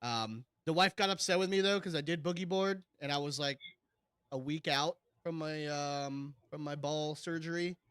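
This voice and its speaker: A man's voice: a little high, normal speed, a bit bright, clean tone, no echo. Crude, laughing male podcast co-host. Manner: swears a lot, laughs often, says "dude". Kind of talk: crude casual chat.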